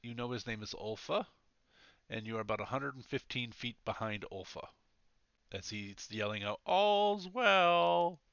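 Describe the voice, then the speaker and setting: A man running a tabletop game as game master, narrating in a relaxed, rambling way with many fillers. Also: lowish voice, normal speed, no room sound. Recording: dull, slightly lo-fi mic.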